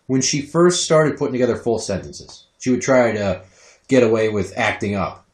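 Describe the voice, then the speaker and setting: Man in his thirties, podcast host, profane animated storyteller, roomy echo. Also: mid-range voice, moderate pace. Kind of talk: casual chat. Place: home basement.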